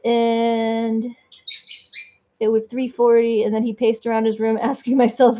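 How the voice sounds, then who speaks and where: Woman vlogger, high voice, rambly casual read-aloud with asides, dull lo-fi audio. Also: little pitch movement, a little slow, warm tone. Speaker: vlogger reading online stories. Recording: dull lo-fi recording.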